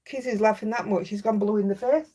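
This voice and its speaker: A woman's voice: medium pitch, fast talker, mellow, slight background noise. A woman with a Yorkshire accent hosting a craft livestream, chatting casually and reading out viewer comments. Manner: chatty, reads out viewer comments, laughs easily. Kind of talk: casual live chat.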